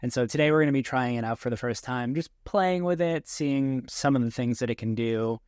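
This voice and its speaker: A man hosts his podcast in a relaxed, chatty way, often restarting his sentences. His voice sits at a mid pitch. The sound is dry and close on a desk mic. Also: brisk, clear, resonant tone, dry recording. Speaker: podcast host. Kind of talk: casual podcast talk.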